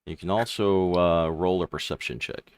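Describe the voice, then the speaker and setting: A man narrating a tabletop game as game master, lively, with frequent fillers. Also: sits low, normal speed, clean tone, no echo, studio quality.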